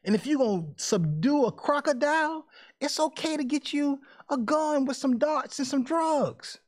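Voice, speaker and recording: A man's voice: extremely high pitch, big pitch swings, normal speed. A man hosting a podcast, chatting casually and animatedly, laughing often and mixing jokes with preachy asides. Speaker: podcast host. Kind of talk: casual chat.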